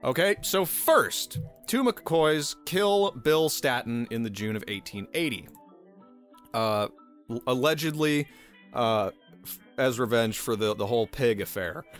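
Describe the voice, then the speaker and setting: A man's voice: mid-range voice, expressive, measured pace, faint music behind. A man hosting a casual podcast and telling a history story, sarcastic and laughing, swearing often and tripping over his words. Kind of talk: casual chat.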